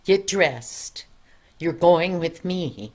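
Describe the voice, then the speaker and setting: A grandmother voicing a stern, tall policeman in a storybook tale, giving sharp, commanding orders. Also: on the low side, expressive, drawn-out words, heavily acted.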